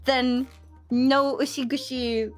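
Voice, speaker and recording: A young woman streamer chatting casually with her viewers, ranting in an animated, exaggerated way. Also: high voice, slow pace, over loud music. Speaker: VTuber streamer. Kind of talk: casual chat with live chat.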